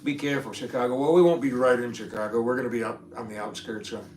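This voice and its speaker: Excitable man chatting on a livestream. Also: mid-range voice, fast. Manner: excitable, animated, rambling with restarts. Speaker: livestream host. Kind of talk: casual livestream chat reading comments. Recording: roomy echo with faint ambient noise.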